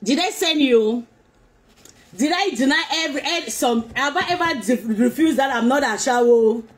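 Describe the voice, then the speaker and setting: Reading comments on her live stream, this woman vlogger gets confrontational, ranting at commenters with repetitive, taunting questions. She speaks at a moderate pace in a high-pitched voice.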